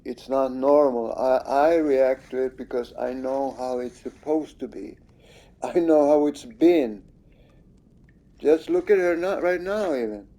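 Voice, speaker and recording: A man's voice: medium pitch, unhurried, warm tone. A man giving casual, rambling commentary over his own gameplay, accusing and swearing at the screen.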